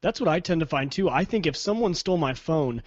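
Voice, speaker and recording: Male co-host, brisk and slightly high; dry audio. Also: expressive, no echo, dull audio. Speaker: podcast co-host. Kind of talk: casual tech podcast chat.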